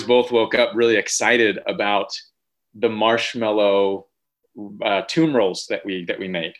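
This thirties-aged pastor has a low, steady voice and a measured pace. Preaching for Easter over a video call, he relates a family story conversationally and then reads Scripture aloud.

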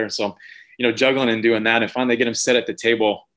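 A man's voice: lowish voice, little pitch movement, fast, a bit bright. A man in his thirties, a pastor preaching an Easter sermon over a video call, telling a family story in a conversational way before reading Scripture aloud.

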